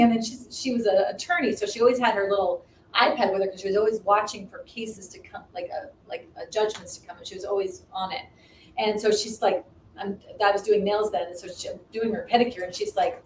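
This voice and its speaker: A woman in her fifties telling a story in casual chat as co-host, acting out the voices she quotes. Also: a little fast. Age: 50s. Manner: animated, acts out quoted voices with big swings in pitch. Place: home live stream. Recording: roomy echo, distant mic, faint noise.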